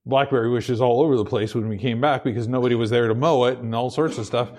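A pastor from the Pacific Northwest speaks in a mid-range, steady, slightly mellow voice at a quick pace. Preaching conversationally, he trips over repeated words when opening sentences, builds his points, and laughs between them.

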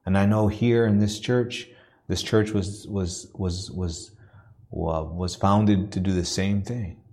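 A deep-voiced man preaching in a church. He tells a personal story earnestly, in halting phrases, then builds into a rhythmic preaching cadence. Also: fairly even intonation, darkish tone. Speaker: missionary preacher.

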